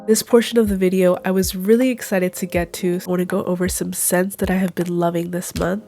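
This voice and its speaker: A young woman in her twenties narrating a monthly favorites vlog in a calm, measured, gently enthusiastic way, her voice nasal and stuffed up from a cold. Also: fairly low pitch, vocal fry, faint music behind. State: congested with a cold. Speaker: YouTuber.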